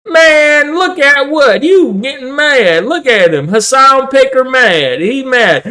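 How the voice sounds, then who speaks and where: A man voicing a stubborn, drawling rural working-class man who talks slowly and dismissively. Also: very high-pitched, expressive, bright, forceful tone, pitched above the performer's own voice, exaggerated voice. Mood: scoffing, stubborn. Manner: folksy dismissive drawl, slow.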